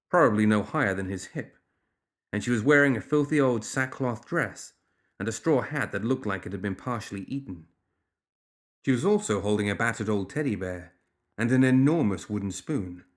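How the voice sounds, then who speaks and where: A man narrating a fantasy story, his pitch rising and falling with lively expression. He tells it in a polished, scripted storytelling manner with an animated, varied delivery. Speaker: audiobook reader.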